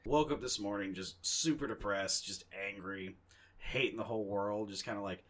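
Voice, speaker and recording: A young man co-hosting a casual podcast, his voice sitting a little low but coming across bright and forceful. He rambles through profane, self-mocking stories in loose chat. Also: normal speed. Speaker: podcast co-host.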